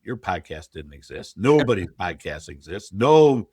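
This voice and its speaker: This middle-aged podcast guest, who invests in real estate, narrates his story candidly in conversation, quoting thoughts he once had. His low voice is sing-song and unhurried, a little mellow and slightly rough. Studio quality, no echo.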